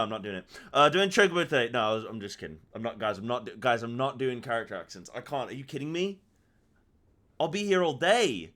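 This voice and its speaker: A man's voice: medium pitch, animated, a little fast, fairly bright tone. A man streaming a game, chatting casually in a joking, self-deprecating way.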